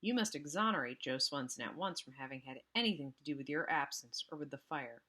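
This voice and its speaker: A man's voice: a little high, lively intonation, brisk, pushed and bright. A woman voicing a stern, commanding middle-aged father in a storybook reading, terse and firm.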